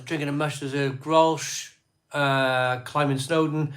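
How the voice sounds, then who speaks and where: A man hosting a casual live stream, rattling off viewers' places and beers in quick lists as he reads their comments. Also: on the high side, fairly even intonation, a bit bright.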